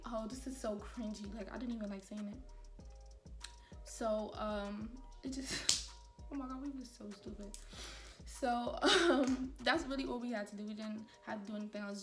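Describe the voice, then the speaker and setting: A young woman telling a storytime to her viewers while doing her makeup, animated and talking straight to them. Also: medium pitch, normal speed, reverberant, recorded from a distance, music in the background. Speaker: beauty vlogger.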